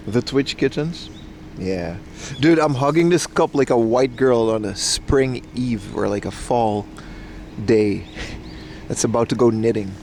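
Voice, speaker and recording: A man's voice: mid-range voice, a little hiss or hum. A man live-streaming on a nature hike, chatting to his viewers in a rambling, laid-back way and swearing freely. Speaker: livestreamer. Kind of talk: casual live-stream chat.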